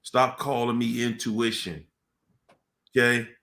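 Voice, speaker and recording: A man's voice: mid-range voice, flat delivery, slow pace, sharp tone, a little hiss or hum. A man voicing God as a casual, teasing older-brother figure who chides in slang. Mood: calm chiding. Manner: slangy, playful, chiding.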